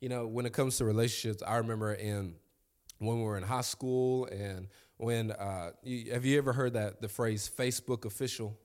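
A man's voice: medium pitch, steady tone, normal speed, a little mellow. A young man, preaching a sermon in a conversational, storytelling way with asides to the congregation. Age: young adult.

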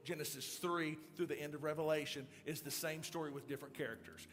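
A middle-aged male pastor delivering a sermon, moving from calm storytelling to loud, excited preaching. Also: on the high side, quick pace, hardly any pauses, a little hiss or hum.

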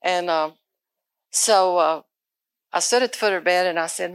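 A woman pastor telling a testimony in a sermon, going hushed and intense in the story, then lifting into preaching. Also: fairly low pitch, moderate pace, long pauses, smooth, no echo.

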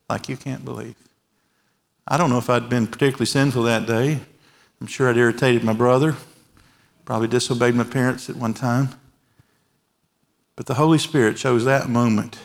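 A pastor in his forties preaching a sermon in a large church, earnest and emphatic, letting key phrases drop soft and quiet. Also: mid-range voice, gravelly. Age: 40s. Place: large church with overflow rooms.

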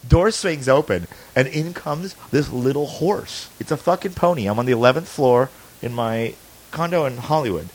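Spinning a long, rambling tale on his podcast, a man speaks in a mid-range, expressive voice at a moderate pace. The chat is loose and profane, full of laughter and sentences he starts over.

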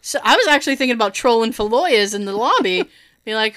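A woman telling a long personal story in casual chat, animated, swearing and laughing often. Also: a little high, fast.

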